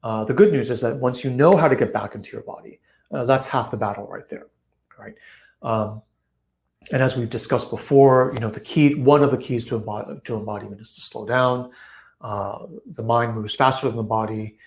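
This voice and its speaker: Man, host, relaxed reflective talk on a folk tale, video call sound. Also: medium pitch, normal speed, vocal fry. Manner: relaxed, frequent fillers, acts out quoted voices with laughs. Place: online live session.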